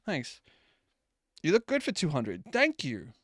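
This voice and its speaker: Lively, chatty young male streamer. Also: a little high, unhurried, dry recording, studio quality. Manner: animated, chatty, swears casually. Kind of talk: casual live-stream chat with viewers. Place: at home at his desk.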